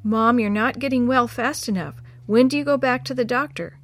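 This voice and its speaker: A woman voicing a worried, earnest boy in a storybook reading, her pitch raised a little for him. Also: moderate pace, a bit bright.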